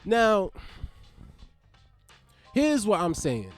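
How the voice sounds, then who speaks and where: A man's voice: huge pitch swings, extremely slow, soft background music. A young man, hosting a podcast in a loose, profane comedic monologue full of sudden swings in volume. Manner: loose, profane, riffing with big swings in pitch and loudness. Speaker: podcast host.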